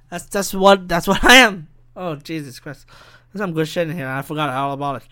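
High, bright-voiced rambling young man. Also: moderate pace, clean tone. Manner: rambling, profane, self-interrupting. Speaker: podcast host. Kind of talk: rambling solo podcast monologue.

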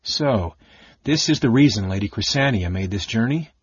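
A man voicing a stern old archmage who speaks in a measured, solemn way. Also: lowish voice, lively intonation, husky, no echo, muffled recording. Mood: grave.

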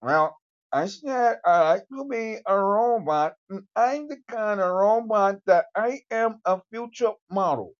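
A streamer putting on a smug AI robot voice, slow and deliberate, hawking itself like a salesman, muffled lo-fi stream audio. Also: mid-range voice, expressive, lightly acted. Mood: boastful. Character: self-described AI robot, calm and boastful.

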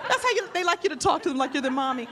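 A woman's voice: high-pitched, big pitch swings, very fast, heavy background noise. A woman from New York doing stand-up comedy, teasing the audience on a comedy club stage with a handheld mic. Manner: teasing, playful, talks to the audience. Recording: live club crowd laughter.

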